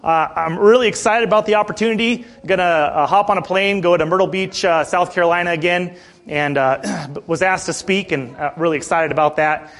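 High-voiced pastor, chatty and throat-clearing. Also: male voice, a little fast, fairly bright tone. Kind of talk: sermon.

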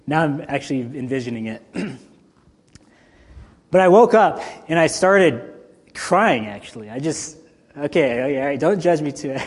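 A male pastor giving a conversational, animated sermon, swinging between loud and soft. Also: medium pitch. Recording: long hall reverb.

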